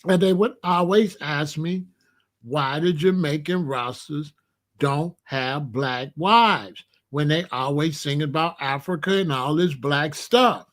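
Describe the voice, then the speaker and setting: High-voiced man telling street stories. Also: slow pace. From Chicago. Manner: animated, slangy street-talk storytelling. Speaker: commentary host. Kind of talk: opinionated storytelling monologue.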